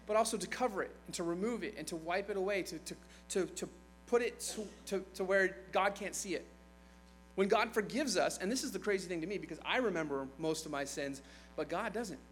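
A man delivers a sermon in a relaxed, conversational way, bringing scripture to life with quick asides. His voice sits a little high for a man. Faint music and a low mains hum run underneath. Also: poor audio. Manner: conversational, animated retelling with asides. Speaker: preacher.

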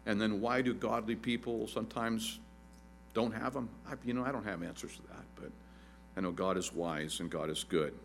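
A man in his fifties preaching a sermon as pastor, animated and joking, acting out quotes in a shrill voice. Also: normal speed, gravelly, slight background noise.

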